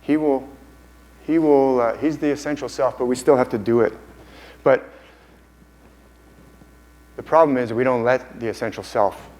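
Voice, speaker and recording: A man's voice: mid-range voice, normal speed, pauses often, a little mellow, low-quality recording. Enthusiastic male conference speaker. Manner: enthusiastic, repeats and restarts phrases. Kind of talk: conference lecture. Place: conference hall.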